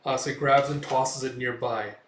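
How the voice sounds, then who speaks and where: A man's voice: mid-range voice, steady tone, normal speed, fairly bright tone, far from the mic. A man hosting a casual comic read-through, retelling scenes loosely with many fillers, recorded in an echoey room away from the mic. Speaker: comic reviewer.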